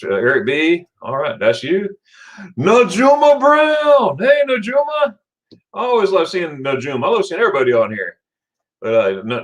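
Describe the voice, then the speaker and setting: A middle-aged man from Florida hosting a casual livestream, chatting and greeting viewers by name with sudden excited jumps in pitch. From Florida, USA. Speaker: livestream host. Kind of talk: casual livestream chat reading viewer comments.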